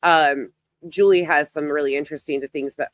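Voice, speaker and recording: A woman hosts a casual livestream in a fairly low voice. She talks bluntly and swears, greeting her chat by name while her voice is wearing out. The sound is dry and close. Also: fairly even intonation, brisk, dry recording. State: losing her voice. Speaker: livestream host.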